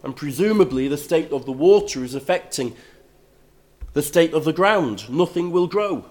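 An older man preaching a sermon, reading scripture aloud and then explaining it in a measured way that grows emphatic. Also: fairly high pitch, animated, a little mellow.

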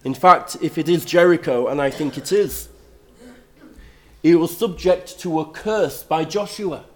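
This older man's voice is a little high and a bit bright as he preaches, reading scripture aloud before explaining it in a measured way that builds to emphasis.

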